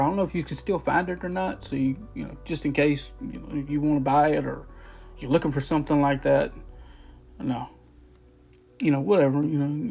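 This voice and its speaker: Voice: medium pitch, vocal fry, darkish tone. A person in their forties telling a long personal story to camera in a loose, rambling way, with frequent swearing and restarts. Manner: rambling, profane, full of restarts and fillers. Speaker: vlogger. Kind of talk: casual storytelling.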